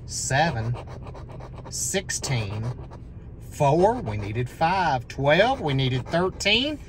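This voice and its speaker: Slow-talking scratch-off host. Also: mid-range voice, slight background noise. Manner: counts numbers aloud, bursts into excited shouts at wins. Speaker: scratch-off lottery channel host. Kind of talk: calling numbers while scratching lottery tickets.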